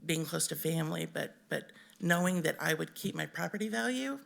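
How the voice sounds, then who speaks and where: A woman from Missouri giving an unprepared, emotional public comment at a city council meeting, halting with many ums. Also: low voice, expressive, gravelly. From Missouri, USA. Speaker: resident speaking in public comment.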